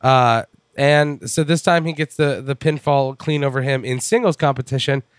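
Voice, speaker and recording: Smooth-voiced man rambling casually. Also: mid-range voice, moderate pace, no echo, studio quality. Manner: rambling, wry, sprinkled with swearing. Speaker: wrestling podcast co-host. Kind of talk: casual chat.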